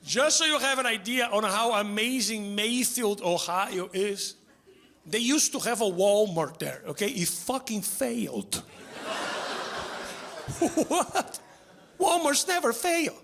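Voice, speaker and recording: A man doing stand-up comedy, deadpan and chuckling at his own jokes, on a stage mic. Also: high-pitched, a little slow, creaky. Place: theater stage before a live audience. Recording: live show with crowd laughter. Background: audience laughter.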